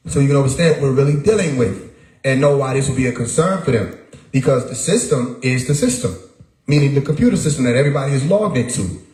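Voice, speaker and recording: Man, livestream host, emphatic, repeats himself, mid pitch, echoey room. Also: animated, fast, a little mellow. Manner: emphatic, repeats words, rhetorical questions. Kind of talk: casual livestream monologue.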